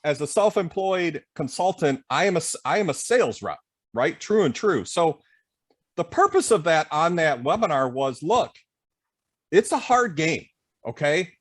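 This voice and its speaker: A man's voice: on the high side, sing-song, normal speed. A man hosting a podcast interview, a self-employed consultant talking bluntly and casually. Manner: blunt, conversational, swears casually.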